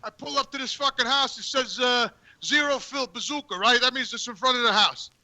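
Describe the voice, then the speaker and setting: A high-pitched man with a very bright, piercing voice spins a crude workday tale. He swears constantly and trips over repeated words as he talks. He is outdoors on a work job. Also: brisk, vocal fry. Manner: profane, stammering repeats. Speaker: guest calling in. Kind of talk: crude comic storytelling.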